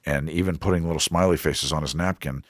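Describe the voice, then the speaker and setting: A man's voice: rumbling low, fast talker, no room sound, clean studio sound. A middle-aged man hosting a Christian parenting podcast, talking earnestly, quoting scripture and acting out little dialogues. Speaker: podcast host. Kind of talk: conversational Christian parenting talk.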